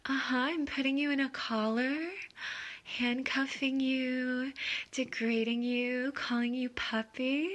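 A woman's voice: high voice, level tone, slow, a bit bright. A young woman in a whispered role-play, speaking in a teasing, dominant way with murmured uh-huhs and giggles. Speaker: audio role-play performer.

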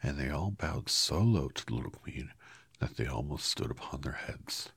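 Man, deep creaky storybook reader, soft and hushed, dry close sound. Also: animated, normal speed, no echo. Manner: soft, half-whispered, apologizes for slips. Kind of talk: quiet storybook read-aloud.

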